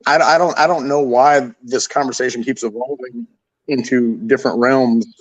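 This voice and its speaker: A man's voice: mid-range voice, fairly even intonation, moderate pace, no room sound, dull audio. A man in a heated casual podcast debate, exasperated, swearing and repeating himself. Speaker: podcast panelist.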